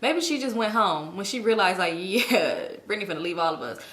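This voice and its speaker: A woman in her thirties telling a storytime to her viewers, casual and profane, her pitch jumping up as she gets worked up. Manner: profane, animated retelling with quick jumps up in pitch. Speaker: storytime vlogger. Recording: echoey room.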